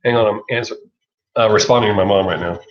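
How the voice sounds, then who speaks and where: The audio is lo-fi and dull as a middle-aged livestream host with a Southern US accent chats quickly in a fairly low voice. His casual talk rambles, with plenty of laughing and free swearing.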